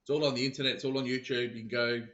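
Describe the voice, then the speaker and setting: A man's voice: medium pitch, fairly even intonation, rapid-fire, a loud crowd. A man, a podcast guest and sales business founder, telling stories in casual conversation and repeating words as he restarts. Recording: dull, roomy remote recording.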